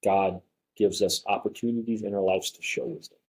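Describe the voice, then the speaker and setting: A young man telling a story as a podcast guest, animated and full of fillers. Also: on the low side, a little fast, poor audio. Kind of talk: casual storytelling.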